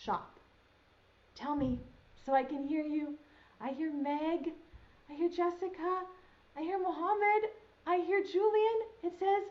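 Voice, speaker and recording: A woman's voice: high voice, animated, a little slow, darkish tone, highs cut off. A young woman teaching a virtual preschool lesson, talking to small children in a sing-song, encouraging way and stretching out sounds.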